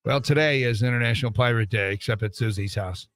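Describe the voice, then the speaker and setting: A man's voice: mid-range voice, fast talker, a bit bright. An older man hosting a radio show from the studio, running through joke-filled news bits with a wisecracking delivery. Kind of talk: morning radio comedy chat.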